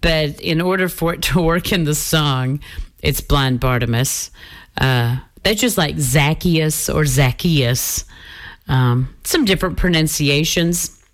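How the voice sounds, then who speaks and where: Woman, radio host, low voice, slow folksy delivery. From North Carolina. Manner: unhurried, folksy, with some fillers and restarts. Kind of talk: gospel bluegrass radio hosting.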